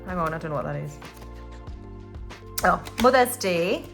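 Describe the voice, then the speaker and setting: Over soft background music, a UK budgeting channel host chats through a relaxed cash-stuffing vlog, counting notes out loud and laughing whenever she slips up. Her voice is lowish and a little bright, animated, at a moderate pace.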